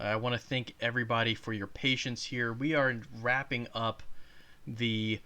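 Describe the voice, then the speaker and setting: A man's voice: medium pitch, pushed and bright, clean tone. Sarcastic man reacting to a video. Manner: sarcastic, profane, addresses viewers directly. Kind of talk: casual reaction commentary.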